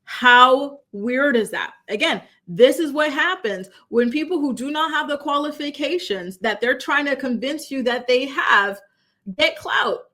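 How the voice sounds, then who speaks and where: Brief: young woman commentator, casual and emphatic, somewhat high pitch, talks straight to camera indoors. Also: expressive, unhurried, bright, forceful tone. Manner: chatty, emphatic, rhetorical questions. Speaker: commentary channel host.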